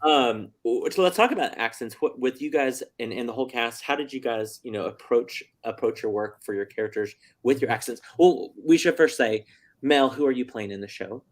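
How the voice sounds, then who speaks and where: A man's voice: medium pitch, brisk. A man hosting a casual interview, chatty and laughing often, with frequent stammered restarts. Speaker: host.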